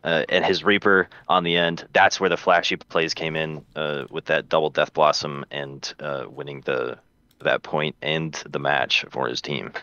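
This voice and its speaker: Male co-caster, low and dry voice, halting analysis with lots of fillers. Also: fairly even intonation, bright, forceful tone, no room sound, dull audio. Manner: halting, many fillers and restarts. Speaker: esports co-caster. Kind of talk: colour commentary.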